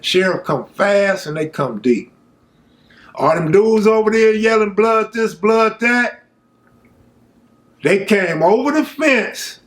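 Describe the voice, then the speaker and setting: High-voiced man telling a street story. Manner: streetwise slang, animated asides. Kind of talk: casual true-story telling.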